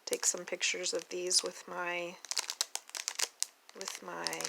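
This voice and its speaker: A woman from Oklahoma with a light Oklahoma accent and a gravelly edge to her voice, gushing in a chatty, unhurried way while unboxing at her table at home. A clear hiss sits under the home recording. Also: fairly low pitch, flat delivery. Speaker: doll collector vlogger. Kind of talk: casual unboxing vlog.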